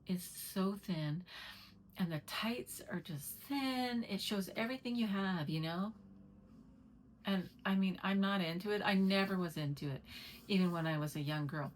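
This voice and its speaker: A woman's voice: medium pitch, moderate pace, slight background noise, poor audio. A middle-aged woman chatting casually to camera at home, rambling and talking to her cat between stories. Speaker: vlogger.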